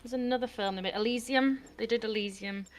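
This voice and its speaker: A woman playing a game with a friend, chatting in a giggly, animated, blunt way. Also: mid-range voice, fast. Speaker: gaming co-player. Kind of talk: casual gaming chat.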